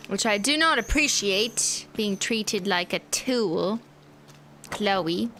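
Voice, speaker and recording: A woman's voice: mid-range voice, lively intonation, takes it slowly, pushed and bright, slight background noise. A young woman streaming a story game live, chatting playfully, giggling and reacting aloud to what happens. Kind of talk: live gameplay commentary.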